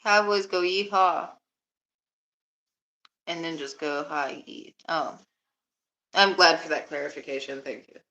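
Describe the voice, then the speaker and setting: Young woman streaming live, from alabama, kinda low voice, laughs a lot and swears. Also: measured pace, long pauses, bright, forceful tone, muffled recording. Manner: chatty, laughs often, swears casually. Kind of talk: casual live-stream chat.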